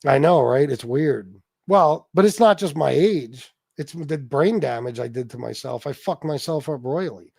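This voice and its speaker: A man's voice: a little high, lively intonation, normal speed, creaky, a little mellow, husky, dry recording. A man hosting a casual livestream chat, talking bluntly and swearing freely while reading out viewer names. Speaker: livestream host.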